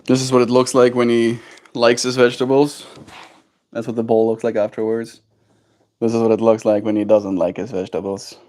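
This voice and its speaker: A man's voice: medium pitch, level tone, brisk, a little mellow. A man livestreaming casually, rambling and musing aloud. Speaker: daily livestreamer. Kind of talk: casual stream chat.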